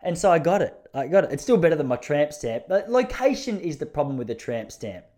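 A man's voice: a little high, sing-song, a little fast, mellow. A man with an Australian accent telling comic stories in a chatty, rambling, self-mocking way. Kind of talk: casual comic storytelling monologue.

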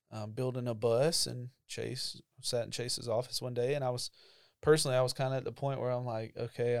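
A man's voice: medium pitch, clean tone, dry recording, clean studio sound. A young man, casually telling a personal testimony about his call to ministry, full of fillers and emotion. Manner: conversational storytelling with frequent fillers, emotional. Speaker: church ministry staff member.

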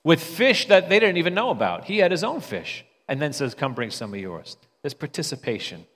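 A man's voice: a little high, sing-song, a little fast, a bit bright, husky, long reverb tail. A man preaching a sermon in a conversational way, often stumbling and repeating words as he restarts.

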